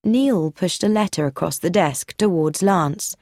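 A woman reading a mystery story aloud as narrator, in an expressive reading style. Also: on the low side, unhurried, few pauses, no room sound, studio quality. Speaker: audiobook narrator. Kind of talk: scripted narration.

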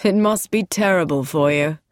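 A woman voicing a charming dark-haired man who speaks slowly, quietly and teasingly in a read-aloud story. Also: medium pitch, big pitch swings, dry recording, clean studio sound. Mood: calm.

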